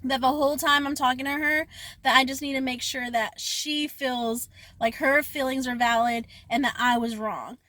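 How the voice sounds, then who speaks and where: High bright-voiced young woman vlogging. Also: fairly even intonation, moderate pace, no room sound. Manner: chatty, emotional, lots of "like" fillers. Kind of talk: casual storytime vlog.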